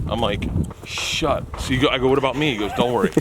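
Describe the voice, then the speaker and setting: A man's voice: medium pitch, quick pace, noisy background. A man telling a long comic story, acting out the voices of the people in it and laughing often. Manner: excitable, acts out voices, laughs a lot. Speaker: comedian guest. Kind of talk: animated storytelling.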